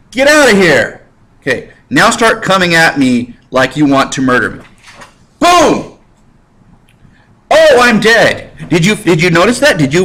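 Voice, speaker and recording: A man teaching history over slides in a jokey, animated way, talking straight to his students. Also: high-pitched.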